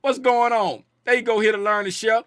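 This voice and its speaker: With a voice that sits high and a slightly fast pace, free of echo, a trading stream host chats about the market live. He banters with viewers in loose slang, reads their names out, shouts parts of their comments, and drives points home through repetition.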